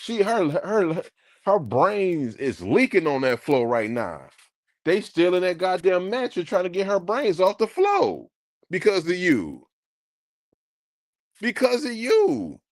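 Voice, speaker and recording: A man streaming, ranting casually to his live chat in an animated, profane way. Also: sits high, unhurried, no echo, clean studio sound.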